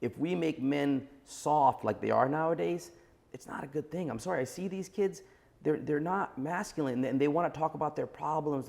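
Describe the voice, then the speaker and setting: A man's voice: fairly high pitch, brisk, gravelly, a little mellow. A man in his forties, a guest on a podcast interview, giving blunt and emphatic opinions. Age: 40s. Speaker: entrepreneur guest.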